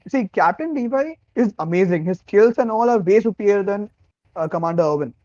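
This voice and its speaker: High, mellow-voiced man on a dull mic. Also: lively intonation, brisk, dry recording. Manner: earnest, repetitive explaining. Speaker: podcast co-host. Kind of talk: casual anime discussion.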